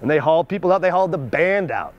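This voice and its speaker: American male storyteller, slightly higher voice, animated, chuckles often. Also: fast talker, lo-fi sound. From United States. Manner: animated, chuckles between lines. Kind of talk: casual spoken anecdote.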